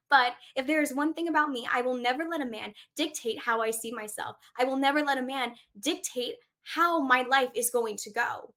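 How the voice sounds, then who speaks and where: Young female podcast host, bubbly and emphatic, slightly high voice, frequent laughs. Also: moderate pace, bright, forceful tone. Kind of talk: casual solo podcast talk.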